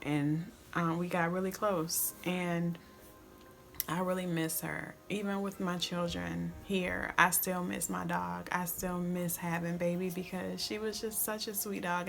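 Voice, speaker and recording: Young woman vlogger, lower voice, gentle halting story-time delivery. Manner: soft, reflective, halting with restarts. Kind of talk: story-time vlog to camera.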